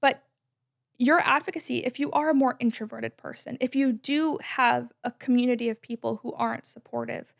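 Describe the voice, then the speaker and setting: A woman in her twenties, a podcast guest talking in a loud, emphatic, chatty way with many "like"s. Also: on the high side, steady tone, normal speed, creaky. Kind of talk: casual conversation.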